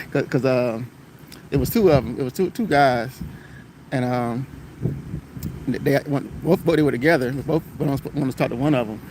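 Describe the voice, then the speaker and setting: A bus driver telling a rambling story on a live stream, repeating himself and greeting viewers as they join. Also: male voice, medium pitch, normal speed, pauses often, noisy background. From Florida, United States.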